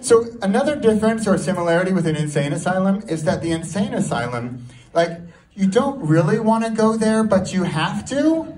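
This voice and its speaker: A man's voice: sits high, expressive, brisk, a little mellow. A man performing a rambling, self-mocking live stand-up set, laughing at his own jokes in front of an audience. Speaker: stand-up comedy student performing a first set. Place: small comedy venue with a live audience. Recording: distant mic with audience noise.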